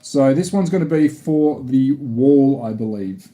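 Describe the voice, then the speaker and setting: A man's voice: mid-range voice, lively intonation, measured pace, dark tone. A man from Australia with an Australian accent, chatting casually on a live stream while building a model kit, rambling and restarting often.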